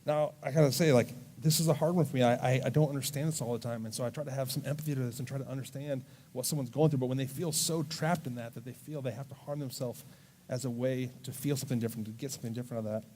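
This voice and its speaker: A male youth pastor with a mellow, warm voice preaching to students in a church service. His delivery is earnest and gentle, and he slows down when he reads scripture. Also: mid-range voice, steady tone, slight background noise. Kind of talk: sermon to a student audience.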